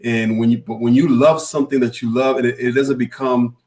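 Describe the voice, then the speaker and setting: A man's voice: medium pitch, level tone, brisk, darkish tone. A male podcast host talks in an easygoing, conversational way. He keeps backing up his guest's points, repeating his approval as he builds on them. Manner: agreeable, affirming. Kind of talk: casual podcast chat.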